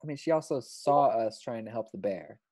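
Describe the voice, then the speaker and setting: A woman voicing a forgetful old male adventurer, speaking in a slow, drawling, breathy low voice. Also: lively intonation, warm tone, exaggerated voice. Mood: musing.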